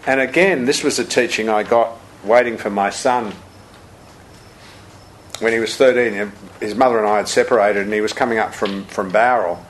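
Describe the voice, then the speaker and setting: An older man, a Buddhist teacher giving a talk full of anecdotes, told with lively chuckles. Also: lowish voice, normal speed, a little hiss or hum, rough recording.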